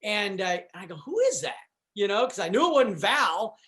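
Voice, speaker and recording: A man guest on a podcast telling a story in a casual, animated way, acting out what people said and using lots of fillers. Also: sits high, brisk. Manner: animated, acts out quotes, fillers.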